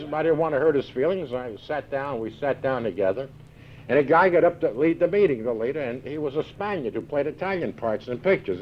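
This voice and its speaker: An older American man speaking at a recovery meeting, telling a wry, self-mocking story and acting out the dialogue. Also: fairly high pitch. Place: large hall with live audience. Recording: dull lo-fi 1978 tape recording.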